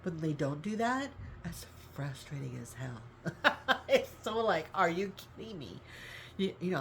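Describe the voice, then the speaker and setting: A woman in middle age with a low, deep-set voice shares caregiving experience in a casual vlog. She rambles, apologizes and laughs often, and sounds close to tears. A faint background noise sits under her voice. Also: fairly bright tone. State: near tears. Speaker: caregiving vlogger. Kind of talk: casual talk to camera.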